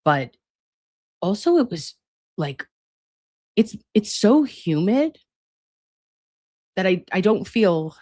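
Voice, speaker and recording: A woman's voice: mid-range voice, sing-song, slow, long pauses, darkish tone, dry recording, clean studio sound. A woman hosting a casual livestream from home at her laptop, chatty and profane, calling her viewers lovies and babes. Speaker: livestream host. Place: home, at a laptop with air conditioning running. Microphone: laptop setup.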